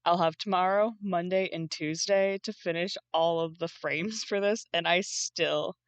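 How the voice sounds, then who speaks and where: A woman's voice: on the low side, fairly even intonation, a little slow, no room sound. A young woman streamer chatting casually while she draws, groggy from just waking up, rambling and swearing now and then. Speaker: streamer and artist. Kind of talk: casual live-stream chat.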